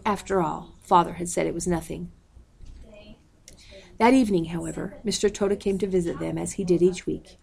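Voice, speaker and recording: Gravelly, low-voiced woman reading a story. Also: fairly even intonation, a little mellow. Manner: measured, reads page numbers aloud. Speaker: audiobook reader. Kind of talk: storybook read-aloud.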